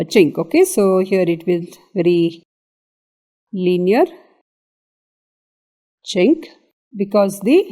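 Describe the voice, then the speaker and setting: A woman's voice: mid-range voice, warm tone. A woman with an Indian English accent giving an exam revision lecture on anatomy, explaining step by step and often checking in with "okay".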